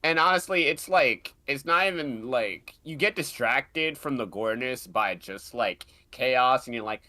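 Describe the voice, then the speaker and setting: A man streamer chatting excitedly with friends, jumping in pitch and laughing often. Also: measured pace. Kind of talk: casual chat.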